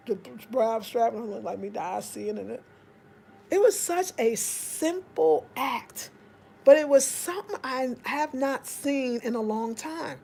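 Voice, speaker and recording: An African American woman spins a casual story for her viewers. She talks in a slightly high voice and jumps into animated, raised voices when she quotes people. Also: creaky, slight background noise. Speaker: vlogger.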